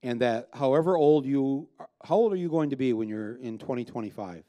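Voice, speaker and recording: A filmmaker-sounding man, appearing as an onstage guest before a live crowd, speaks unscripted in a warm, mellow, average-pitched voice. His delivery is expressive and brisk, blunt and emphatic, laced with profanity, fillers, and repeated restarts.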